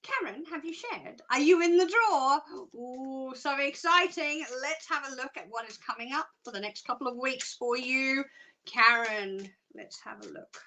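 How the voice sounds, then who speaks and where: A woman giving live psychic readings, chatty and excitable, rambling with fillers and restarts. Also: high-pitched, a little slow. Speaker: psychic reader.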